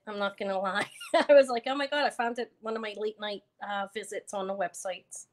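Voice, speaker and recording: A woman's voice: mid-range voice, normal speed. A woman hosting a live online jewelry auction, chatting casually and rambling with fillers and self-corrections. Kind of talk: casual live-stream selling chat.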